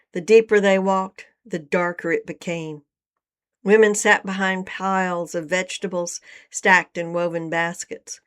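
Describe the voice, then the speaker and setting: Female narrator, calm and measured, smooth clear voice, mid pitch. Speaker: storyteller. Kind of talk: scripted story narration.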